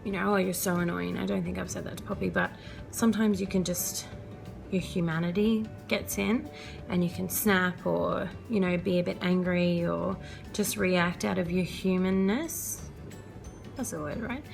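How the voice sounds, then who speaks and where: A woman's voice: fairly low pitch, fairly even intonation, normal speed, vocal fry, over music. A young woman, chatting earnestly and casually as a mother giving parenting advice, laughing often. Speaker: vlogger and mother.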